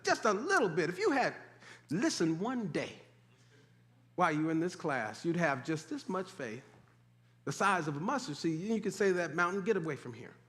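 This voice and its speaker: A man preaching a sermon in animated call-and-response style, urging the congregation to repeat after him. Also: sits high, moderate pace. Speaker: pastor. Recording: echoey hall.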